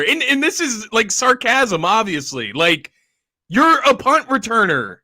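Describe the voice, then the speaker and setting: Young male co-host, easygoing, very bright high voice, dry. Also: sing-song, unhurried, no echo. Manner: laid-back, laughing, agreeable. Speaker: podcast co-host. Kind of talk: casual sports talk.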